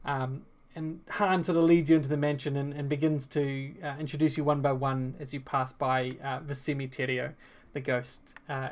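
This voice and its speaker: A woman narrating a tabletop game as game master, rambling with many fillers and self-corrections. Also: low voice.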